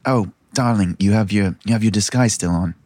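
Man putting on a fussy polite elf princess, breathy, flustered, dry room sound. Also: fairly low pitch, fairly quick, a little mellow, no room sound, pitched below the performer's own voice, lightly acted. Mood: prim, gushing. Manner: prim, overly polite, flustered. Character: haughty high elf princess, young woman.

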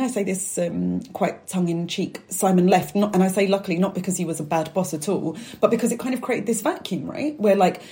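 An English woman with a warm, mid-range voice is a guest in an interview conversation. She talks openly and animatedly, full of asides and fillers.

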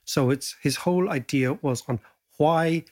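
A man's voice: fairly high pitch, measured pace. A man hosting a podcast, chatting casually and animatedly with a co-host, joking and telling stories. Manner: lively, jokey, animated storytelling.

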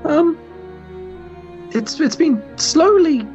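A woman's voice: high-pitched, lively intonation, extremely slow, a little mellow, muffled recording, faint music behind. A woman narrating a tabletop game as game master, often stammering and rambling as she thinks.

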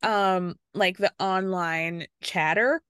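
A woman's voice: mid-range voice, steady tone, takes it slowly, a bit bright, smooth, no room sound. Snarky woman podcast host, dry sound. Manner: snarky, swears, laughs often. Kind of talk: casual recap chat.

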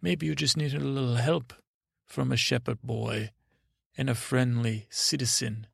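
A man voicing a confident, smooth-talking male stranger who calmly offers advice and flattery in a bedtime story. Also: medium pitch, measured pace, dry recording, clean studio sound, heavily acted. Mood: smooth persuasive. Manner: calm, persuasive, slightly flattering.

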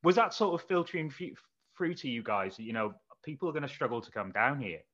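A man's voice: mid-range voice, expressive, a little fast, a bit bright. A man hosting an interview, asking long rambling questions full of fillers. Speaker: interview host. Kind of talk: interviewing guests. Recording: dull lo-fi remote line.

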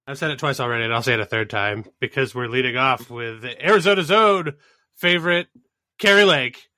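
Bright-voiced, dry-sounding wry male host. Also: mid-range voice, fairly quick, no room sound. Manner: wry, teasing, stumbling restarts. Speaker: podcast host. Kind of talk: casual political comedy chat. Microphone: remote call recording.

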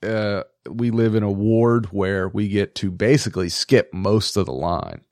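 A man's voice: lowish voice, unhurried, no room sound, clean studio sound. A man co-hosting a podcast, talking politics casually with lots of swearing and laughter. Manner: profane, animated, laughs often. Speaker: podcast co-host.

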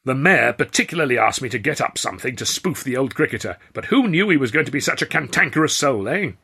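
A man's voice: mid-range voice, animated, quick pace, vocal fry, bright, forceful tone, husky, pitched above the performer's own voice, exaggerated voice. A man voicing a flamboyant old male circus clown with a theatrical, insistent manner. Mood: effusive.

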